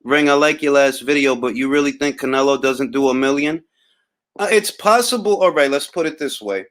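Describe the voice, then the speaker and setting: A man's voice: medium pitch, a little fast, a bit bright. Young Harlem man, New York accent, livestream boxing host; laid-back drawl, wry and cocky. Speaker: boxing talk host reading live chat. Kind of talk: casual livestream chat.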